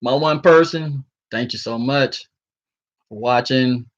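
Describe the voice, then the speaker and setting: A man's voice: mid-range voice, slow. A sleepy man rambling casually to his viewers from home, chuckling often and talking in slang. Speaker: vlogger. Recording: muffled lo-fi recording.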